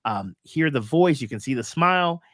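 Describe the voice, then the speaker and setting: A man's voice: medium pitch, lively intonation, moderate pace, fairly bright tone, no echo. Guy hosting a coaching talk, upbeat, lots of uhs, dry close mic. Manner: upbeat, rambling with fillers. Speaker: host. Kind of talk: casual coaching chat.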